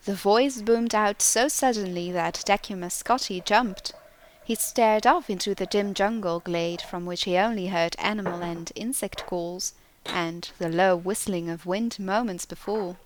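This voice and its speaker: A woman narrating an audiobook in slow, deliberate storytelling. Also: medium pitch, a little hiss or hum. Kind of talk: scripted narration.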